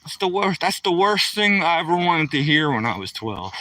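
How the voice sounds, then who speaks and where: A man's voice: a little high, big pitch swings, normal speed, pushed and bright, no echo, far from the mic. An older retired man with a Philadelphia accent, chatting casually with viewers on a night-time live stream while walking his dog outdoors, greeting them with a playful "yo, yo, yo.".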